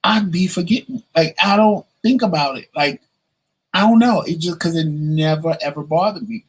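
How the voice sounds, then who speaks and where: Husky-voiced chatty man vlogging. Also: a little high, moderate pace, low-quality recording. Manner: chatty, animated, acts out quoted voices. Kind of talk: casual storytelling to camera.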